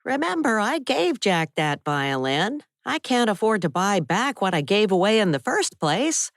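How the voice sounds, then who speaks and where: A woman reading the part of a cautious male violin teacher in an audiobook, speaking softly and soothingly. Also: mid-range voice, big pitch swings, a little slow, no room sound, studio quality, voice pushed up. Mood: measured. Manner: soft, soothing delivery. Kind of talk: audiobook character voice.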